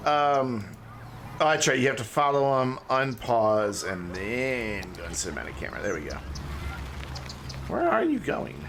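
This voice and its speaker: A man's voice: medium pitch, sing-song, moderate pace, noisy background. A man streaming a city-building game, joking and rambling as he thinks aloud. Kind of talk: casual gameplay commentary.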